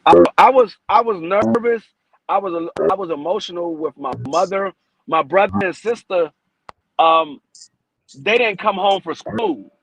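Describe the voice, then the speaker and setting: Gravelly high-voiced man telling stories. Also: unhurried. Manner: profane, animated storytelling, pitch jumps when acting out his own alarm. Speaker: podcast guest. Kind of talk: casual storytelling. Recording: noisy podcast recording.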